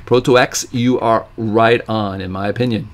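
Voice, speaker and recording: A middle-aged man from Ohio hosting a casual live question-and-answer stream, rambling with restarts and telling stories in which he acts out the other voices. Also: normal speed. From Ohio, USA. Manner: animated storyteller, acts out quoted voices with big pitch jumps; rambling with frequent restarts and fillers.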